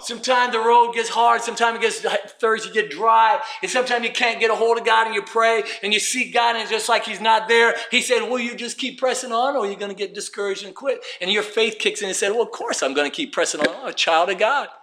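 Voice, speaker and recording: A man's voice: high-pitched, steady tone, fairly quick, few pauses, sharp tone. A man preaching a sermon, reading scripture and breaking into emphatic, rising calls to press on.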